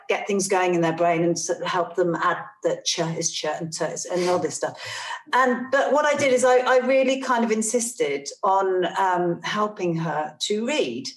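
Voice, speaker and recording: Earnest woman telling a story in a roomy space. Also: fairly low pitch. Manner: earnest, halting, with many restarts and repeated phrases. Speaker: parent guest telling a story. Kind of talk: casual conversation, personal storytelling. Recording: roomy, echoey room sound.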